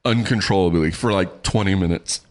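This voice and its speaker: Man, middle-aged, low voice; animated, salty guest storyteller. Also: moderate pace. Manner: animated, swearing, acting out quotes. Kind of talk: casual storytelling.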